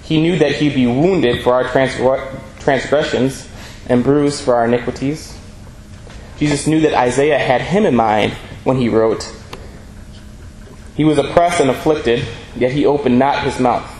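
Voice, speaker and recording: A man preaching a sermon in an earnest, measured way, reading scripture aloud between his points. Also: medium pitch, a little mellow. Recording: echoey room with faint ambient noise.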